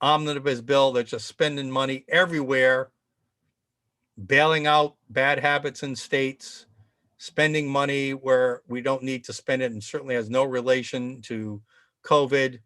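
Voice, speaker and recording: Opinionated talk show host, dry sound. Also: male voice, medium pitch, fairly even intonation, a little slow, a bit bright, no room sound. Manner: opinionated, sarcastic, rambling.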